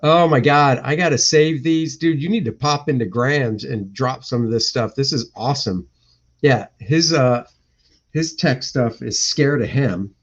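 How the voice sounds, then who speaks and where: On his live stream from an indoor room at home, a cartoonist with a medium-pitched, unhurried voice chats casually. He thinks aloud, rambling and muttering to himself, over dull lo-fi audio.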